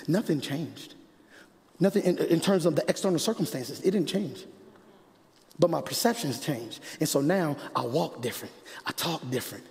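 Man, pastor, high voice, preachy sermon cadence, long hall reverb. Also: lively intonation, normal speed. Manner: preachy call-and-response cadence, swinging from loud to hushed.

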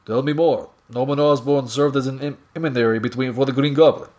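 A man's voice: mid-range voice, steady tone, brisk, darkish tone, lightly acted. A man voicing a proud, theatrical male hunter villain who speaks in a grandiose way. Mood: boastful. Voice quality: grandiose, boastful manner.

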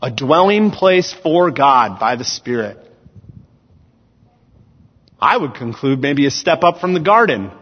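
A man's voice: mid-range voice, very animated, measured pace, pauses often, breathy edge. A man preaching a sermon, earnest and emphatic as he reads scripture aloud. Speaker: student ministries director preaching. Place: church sanctuary. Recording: dull sound in a large reverberant church hall.

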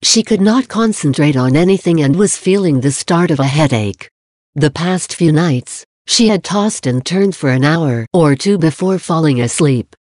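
A voice speaking as a friendly chipmunk narrator, giving calm, measured scripted narration. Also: medium pitch, dry recording, studio quality. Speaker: narrator of a parenting advice podcast.

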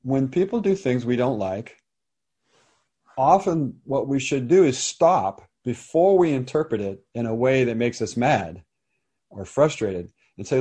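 A man's voice: mid-range voice, lively intonation, normal speed, dark tone, breathy edge. A middle-aged man hosting a conversation, thoughtfully explaining a psychology idea in casual talk with restarts. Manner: thoughtful, explanatory, with frequent restarts and small laughs.

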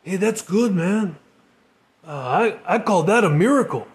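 Guy doing a soft-spoken earnest church guy, stumbles over words, highish voice. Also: expressive, measured pace. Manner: gentle, fumbling for words. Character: kind, earnest young Christian man.

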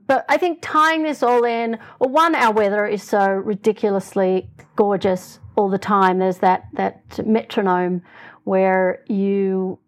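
A woman chatting animatedly as an interview guest, laughing often. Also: mid-range voice. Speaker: guest, home builder. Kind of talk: casual interview chat.

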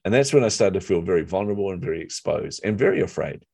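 New Zealand accent, man, middle-aged, very deep voice, lively storyteller, self-deprecating humor. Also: fast, gravelly, no room sound, studio quality. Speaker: author and marketer, guest. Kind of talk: casual storytelling in conversation.

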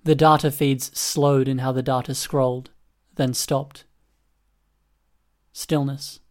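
A man narrating an audiobook in a steady, even reading voice. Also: medium pitch, slow pace.

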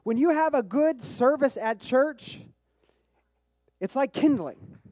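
A man preaching a sermon as pastor, telling a personal story with bursts of excitement and frequent repeated words. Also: very high voice, slow, dry recording. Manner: repeats words when restarting phrases.

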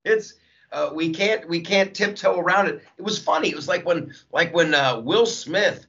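A man who is a stand-up comedian, talking casually in an interview with a jokey, animated manner and acting out quoted voices. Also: a little high, normal speed. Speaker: comedian guest. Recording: dull lo-fi audio.

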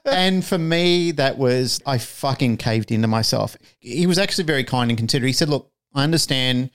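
A man's voice: medium pitch, brisk, clear, resonant tone. A man co-hosting a podcast, telling a story casually and animatedly, swearing freely and acting out the lines he quotes. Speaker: podcast co-host.

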